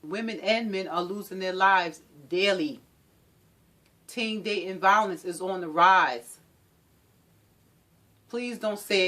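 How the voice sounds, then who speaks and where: A woman's voice: mid-range voice, slow pace, long pauses, a bit bright. A woman speaking as a domestic violence advocate, giving an impassioned talk with an emphatic, repetitive, preaching rhythm.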